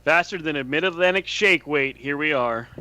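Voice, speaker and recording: A man's voice: on the high side, moderate pace, bright, forceful tone, no room sound, low-quality recording. A man co-hosting a casual sports talk radio show, wisecracking and matter-of-fact.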